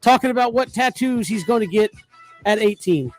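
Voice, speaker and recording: Easygoing high-voiced man on radio. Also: lively intonation, normal speed, faint music behind. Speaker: radio co-host. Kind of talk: casual sports radio chat.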